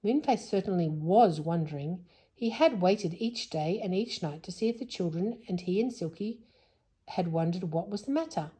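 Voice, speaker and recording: Woman reading a children's storybook aloud, low-pitched and mellow, a bit husky, with whispered asides. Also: lively intonation, normal speed. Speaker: storybook reader.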